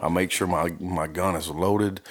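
A young man with a low voice tells stories in crude, joking podcast banter. He talks loosely and casually among friends. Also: fairly even intonation, normal speed, crowd noise. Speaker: podcast guest.

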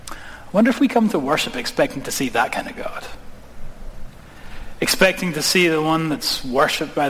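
A man preaching a sermon, asking the congregation questions and dropping his voice slowly on key words. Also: on the high side, fairly bright tone. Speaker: pastor. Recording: long hall reverb.

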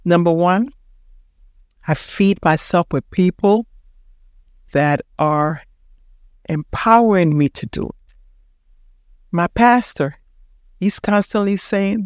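A woman's voice: fairly low pitch, takes it slowly, long pauses, a little mellow, no room sound, studio quality. A woman in her sixties with a Panamanian accent, hosting a podcast and giving an emphatic motivational talk that repeats its points for emphasis. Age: 60s. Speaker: podcast host.

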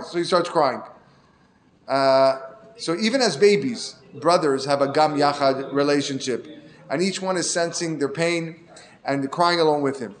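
A man giving an earnest Torah talk, telling a story and lifting his voice to stress key points. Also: a little high. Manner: earnest storyteller who lifts his voice for emphasis. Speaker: Torah teacher. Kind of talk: Torah class sermon.

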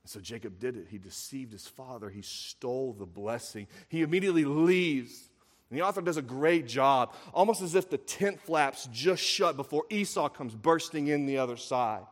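A man preaching a sermon, retelling a story with lively acted quotes and building to emphatic peaks. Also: medium pitch, moderate pace. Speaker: pastor. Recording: long hall reverb.

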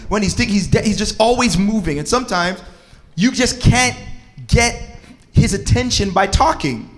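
High-pitched guy co-hosting a parenting chat, animated, slangy, keeps hyping up his partner. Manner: animated, slangy, preacher-like exclamations. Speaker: podcast co-host. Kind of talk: casual chat about parenting and relationships.

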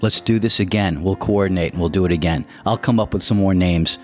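A man's voice: deep voice, a little fast, faint music behind. A man in his sixties hosting a podcast, keeping the interview chat easygoing and affirming. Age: 60s. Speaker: podcast host.

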